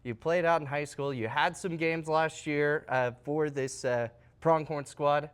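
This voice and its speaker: A man's voice: on the high side, fairly even intonation, a little slow, clear, resonant tone. A man hosting a casual sports interview, chatty and joking, with many fillers and restarts. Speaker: host.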